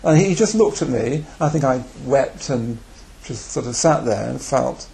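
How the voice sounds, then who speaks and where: Reflective man in his forties, gravelly edge, self-deprecating retreat storyteller. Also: mid-range voice, animated, unhurried, dark tone. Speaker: Buddhist speaker on retreat. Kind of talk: personal anecdote talk.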